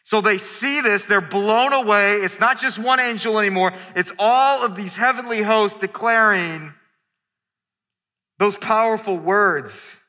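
A man preaching a sermon as pastor, earnest and restarting phrases, slowing down to stress scripture. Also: sits high, bright, forceful tone, big-room sound. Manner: earnest, repeats words when starting phrases.

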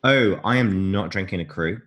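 Deep-voiced man chatting about wine. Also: normal speed, a bit bright. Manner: chatty and jokey, laughs often, explains wine. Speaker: podcast co-host. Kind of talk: casual chat.

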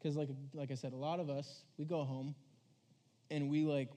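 A man's voice: a little high, level tone, moderate pace, warm tone. A young man giving a casual storytelling sermon to a youth crowd, rambling and filling his talk with "like" as he acts out quoted voices. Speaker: youth preacher.

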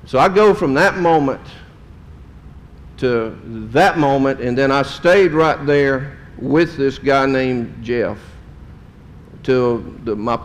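A man's voice: medium pitch, slow pace. A middle-aged man, a pastor telling a story in a sermon in a folksy, emotional way. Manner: folksy, emotional storytelling with drawled Southern phrases.

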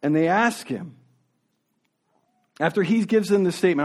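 High-voiced male preacher explaining scripture. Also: moderate pace, darkish tone, breathy edge. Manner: reads scripture then explains it conversationally, with repeated restarts; acts out questioners' voices in the retelling. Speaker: pastor. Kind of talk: sermon.

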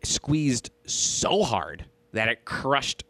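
Listen for a man casually spinning a long story, his pitch swinging up and down with lots of life. He swears freely, rambles and restarts his sentences, and his voice sits close and dry, with no room echo behind it. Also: big pitch swings, very slow, fairly bright tone. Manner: profane, rambling, with many fillers and restarts. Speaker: storyteller on a podcast.

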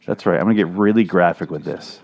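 A man's voice: sits low, quick pace, a little mellow, highs cut off. Sarcastic profane man riffing on a movie. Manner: sarcastic, rambling, crude. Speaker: movie commentator. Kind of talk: casual profane movie commentary. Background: movie audio playing.

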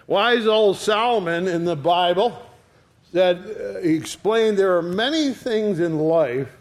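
An older retired man preaching a sermon in a folksy storytelling way, giving quoted lines a dramatic reading. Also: high voice. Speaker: pastor.

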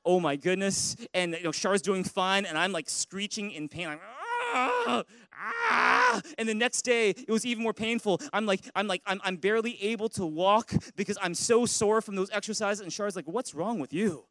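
A male pastor delivering a lively, playful sermon, telling stories and leading his congregation in call-and-response. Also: high-pitched, a little fast, hardly any pauses, low-quality recording. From Canada. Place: church sanctuary.

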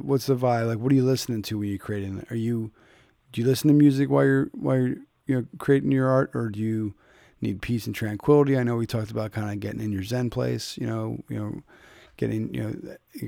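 Host guy, kinda gravelly voice, dry close sound, eager and tripping over his words. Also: medium pitch, dark tone, no echo. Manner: quick, enthusiastic, stumbling restarts. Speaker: podcast host. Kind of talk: casual interview chat.

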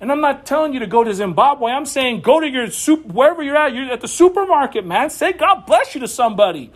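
A young man preaching a sermon, animated, with bursts of raised voice. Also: very high voice, fast. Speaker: pastor.

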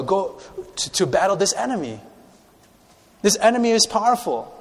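A man preaching a sermon, reading scripture aloud and putting questions to his congregation in an animated way. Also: sits high, big-room sound. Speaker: pastor.

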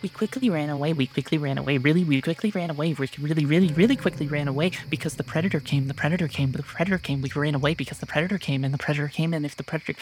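A man doing a frantic squeaky field mouse. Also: slight background noise, lightly acted, low-quality recording. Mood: panicked. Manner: rapid panicked repetition. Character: terrified tiny field mouse, babbling.

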